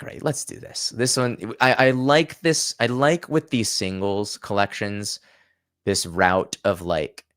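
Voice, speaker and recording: A man hosting a casual livestream, chatting and thinking aloud with frequent restarts. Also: fairly low pitch. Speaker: channel host.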